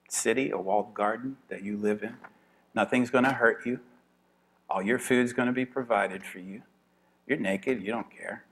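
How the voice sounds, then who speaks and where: A lowish-voiced man gives an informal evening lecture to a class. He's chatty, laughs often, and thinks out loud, restarting his sentences.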